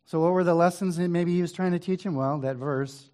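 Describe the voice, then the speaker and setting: A man's voice: on the high side, fairly even intonation, a little fast, few pauses, a little mellow. Man musing through a Bible reading. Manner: reads scripture aloud then muses conversationally with asides; hesitant restarts and throat clearing. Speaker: Bible teacher. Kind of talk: informal Bible study talk.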